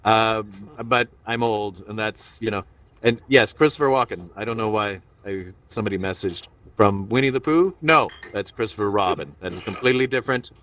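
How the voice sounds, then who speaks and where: A man's voice: on the low side, moderate pace, fairly bright tone. Guy doing standup, rambly and playful, mic kinda far away. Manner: rambling, self-interrupting, playful. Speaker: stand-up comedian. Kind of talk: live stand-up set streamed online.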